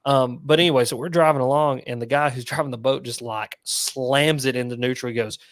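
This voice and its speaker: A man talking in a relaxed podcast chat and getting excited as he tells his fishing stories. He keeps dropping "like" fillers, and his voice sits at an ordinary pitch. The sound is close and dry, with no room around it. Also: a little fast, no echo. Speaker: guest angler.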